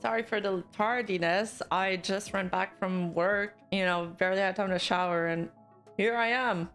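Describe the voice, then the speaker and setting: A woman's voice: medium pitch, fairly bright tone, faint music behind. A woman VTuber streamer talking to her chat live, heated and swearing as she rants. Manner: heated, swearing, talks fast in bursts. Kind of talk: live stream commentary rant.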